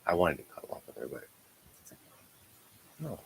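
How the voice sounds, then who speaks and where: A man with an extremely deep, gravelly voice rants on a livestream. He swears freely and sounds aggrieved, and he often drops into hushed whispered asides. A faint hiss sits under the recording. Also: huge pitch swings, a little fast, pauses often, low-quality recording. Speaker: streamer. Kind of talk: angry livestream rant.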